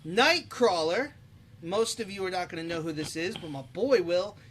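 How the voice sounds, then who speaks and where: A man co-hosting a casual podcast, talking about movies in an animated, opinionated way and swearing freely. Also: sits high, moderate pace, a little hiss or hum. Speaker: podcast co-host.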